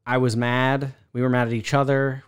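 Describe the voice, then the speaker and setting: Relaxed man with a smooth voice. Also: mid-range voice, normal speed. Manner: rambling, restarts often. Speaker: podcast co-host. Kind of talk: casual chat.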